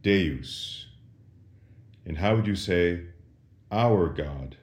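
A very deep-voiced priest teaches Latin prayers at a deliberately slow pace. He asks each question and leaves a patient pause before he answers it. His voice carries a roomy echo. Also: lively intonation, darkish tone. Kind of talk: slow catechism lesson with call and response.

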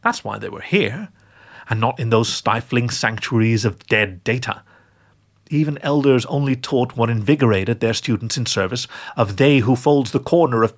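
A man narrating a story aloud in a wry, expressive manner. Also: medium pitch. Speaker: audiobook narrator. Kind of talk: scripted narration.

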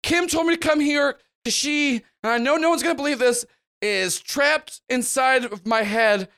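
A man's voice: high voice, normal speed, fairly bright tone, clean tone, dry recording, studio quality, pitched above the performer's own voice. A man voicing a chatty young girl who blurts out her words. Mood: flustered. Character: young girl hosting a trapped mind, chatty.

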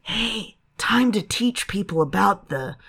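A woman co-hosting a casual podcast chat, making joking asides and quick replies. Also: mid-range voice, expressive, a bit bright, slightly rough. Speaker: podcast co-host.

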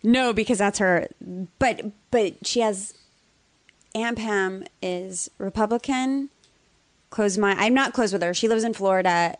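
A woman in casual conversation, telling a story animatedly and acting out the voices of others, at times rising to near-shouting. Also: medium pitch, measured pace, dry recording. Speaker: guest author.

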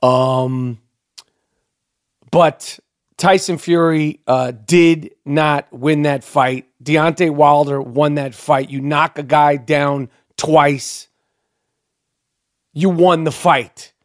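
A man's voice: a little high, fairly even intonation, extremely slow, dry recording, clean studio sound. A man hosting a podcast, delivering a heated, profane, unedited rant and repeating himself as he gets worked up. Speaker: podcast host.

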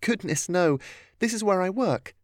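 A man's voice: sits high, lively intonation, normal speed, no echo, studio quality, voice pushed up. A man voicing a refined, courteous woman governess in a storybook reading. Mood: polite. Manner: genteel, courteous.

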